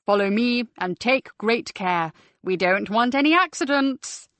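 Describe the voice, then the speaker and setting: A woman reading an audiobook, voicing a fussy, theatrical male church tour guide with a slow, showy delivery. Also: fairly high pitch, lively intonation, fairly bright tone, dry recording. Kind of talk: audiobook character voice.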